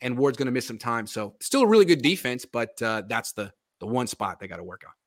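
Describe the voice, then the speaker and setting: A man's voice: mid-range voice, lively intonation, fairly quick. A man hosting a casual sports podcast, animatedly breaking down football film and chatting with his father. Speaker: podcast host.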